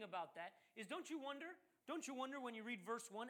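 A middle-aged pastor telling a funny family story in his sermon, then building to loud, fervent preaching. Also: very high-pitched, very animated, a little fast, hardly any pauses. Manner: joking, laughs at own story.

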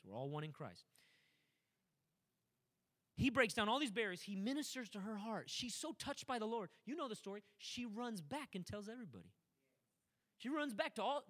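A man's voice: high voice, fairly bright tone. A man preaching a sermon, impassioned and building to emphatic, driving delivery. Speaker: pastor.

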